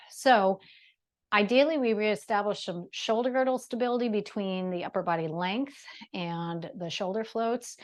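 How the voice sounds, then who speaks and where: A woman leading a movement exercise class, chatty and encouraging, a little out of breath. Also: lowish voice. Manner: chatty and encouraging, with self-deprecating asides. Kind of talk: guided exercise class instruction.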